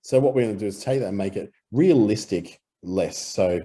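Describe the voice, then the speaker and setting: A man with an Australian accent explaining audio editing in a relaxed screen-recorded tutorial, with easy fillers. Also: on the low side, normal speed.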